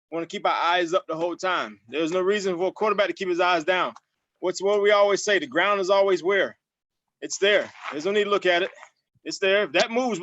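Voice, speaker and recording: A man coaching football players in a virtual session, energetic and repetitive. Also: high voice, dull audio, a little hiss or hum.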